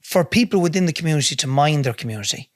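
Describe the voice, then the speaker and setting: A man's voice: fairly high pitch, animated, quick pace, no echo, clean studio sound. Blunt, swearing Irish man. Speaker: podcast guest, businessman. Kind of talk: casual storytelling. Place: podcast studio.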